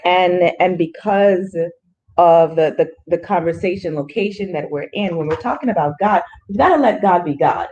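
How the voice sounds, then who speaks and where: A woman's voice: on the low side, moderate pace, darkish tone, dull audio, slight background noise. A woman leading a grief support small group, talking earnestly with everyday analogies.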